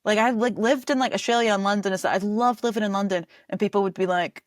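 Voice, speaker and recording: A woman's voice: mid-range voice, fairly even intonation, fast talker, hardly any pauses, no room sound. Chatty young Scottish woman, close and dry. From Scotland. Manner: chatty, laughs often, lots of "like" fillers. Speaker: comedy director and promoter, guest. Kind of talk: casual podcast chat.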